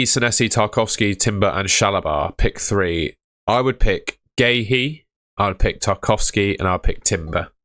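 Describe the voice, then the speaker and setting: Young male streamer, low voice, dry close sound, offhand and chatty. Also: fairly bright tone, dry recording. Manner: offhand, matter-of-fact, calls viewers mate. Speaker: fantasy football livestream host. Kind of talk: casual livestream chat reading viewer questions.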